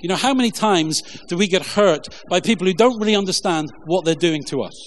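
Chatty pastor, a man with a slightly high voice. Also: a little hiss or hum. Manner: informal, halting, many fillers, jokey asides. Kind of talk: conversational sermon with scripture reading.

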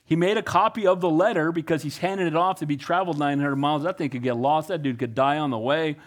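A middle-aged pastor preaching a conversational, animated sermon, often asking his congregation "Amen?". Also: on the high side, fast.

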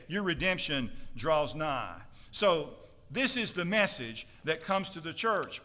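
Emphatic preacher in a reverberant church. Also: male voice, fairly high pitch, sing-song, slow. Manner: emphatic preaching, swelling to loud declarations. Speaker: pastor. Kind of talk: sermon. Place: church sanctuary.

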